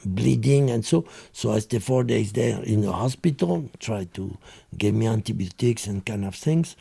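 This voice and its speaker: Older guest, gravelly and highly expressive, tells his story with gusto. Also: normal speed. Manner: acts out quoted voices, laughing often. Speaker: interview guest. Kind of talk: animated storytelling.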